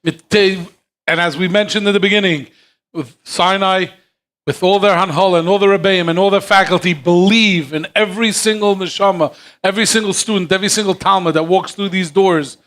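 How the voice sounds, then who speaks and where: A man with a high voice hosts a live fundraising broadcast. He moves things along and pitches upbeat for donations. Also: a little fast, a bit bright. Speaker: fundraiser host.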